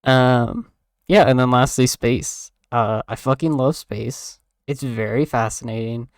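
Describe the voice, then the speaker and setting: A young man chats on a stream in a loose, rambling way, leaning on fillers and tossing in casual swearing. His mid-range voice has a gravelly fry. The sound is dry and close. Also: mid-range voice, unhurried, no echo.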